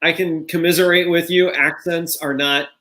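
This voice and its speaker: A man's voice: fairly high pitch, fairly even intonation, normal speed, sharp tone, slight background noise. A man hosting a casual online cast reunion, friendly and often repeating words as he restarts a sentence. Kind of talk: casual interviewing chat.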